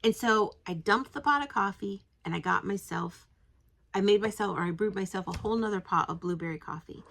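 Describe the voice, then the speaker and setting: A woman's voice: medium pitch, a little fast, vocal fry, fairly bright tone. A woman hosting a devotional podcast, reading scripture aloud and then reflecting casually, thinking aloud with frequent restarts and self-corrections.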